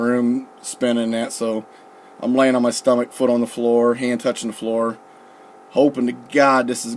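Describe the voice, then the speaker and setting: A young man casually telling a story, profane and relaxed, quoting people with "I'm like" and "he goes.". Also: mid-range voice, a little hiss or hum. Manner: profane, laid-back, quotes others with "I'm like" and "he goes". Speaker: storyteller recalling his recruit days.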